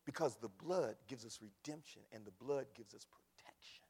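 A man preaching a sermon with dramatic swings from shouts to hushed whispers, repeating words for emphasis. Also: mid-range voice, lively intonation, moderate pace, few pauses, breathy edge, long reverb tail.

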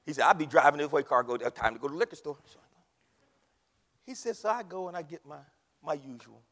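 A man preaching a sermon, swinging from hushed storytelling to shouted climaxes. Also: on the high side, fairly quick. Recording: long reverb of a large hall.

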